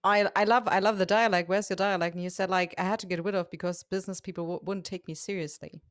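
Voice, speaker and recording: A woman hosting a podcast interview, talking softly and hesitantly. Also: fairly low pitch, steady tone, quick pace, dry recording, studio quality. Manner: soft-spoken, hesitant, many fillers and restarts. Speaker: podcast host. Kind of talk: casual interview.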